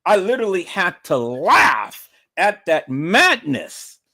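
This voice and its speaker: A man's voice: high-pitched, big pitch swings, slow pace, bright, forceful tone, no room sound, clean studio sound. A man ranting on a livestream, profane, mocking and repetitive. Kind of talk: livestream rant.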